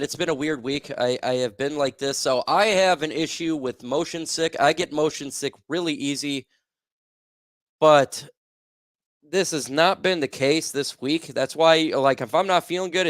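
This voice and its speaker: A man's voice: a little high, a bit bright, no echo, clean studio sound. A young man hosting a casual sports livestream, reading viewer comments aloud and reacting in a loose, filler-heavy way. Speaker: livestream host.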